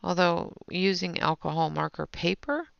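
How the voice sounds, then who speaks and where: A woman hosts a live colouring session, talking casually to chat viewers as she works. Her voice is on the low side, steady and creaky yet fairly bright, at normal speed, with no echo on the dull, lo-fi stream sound.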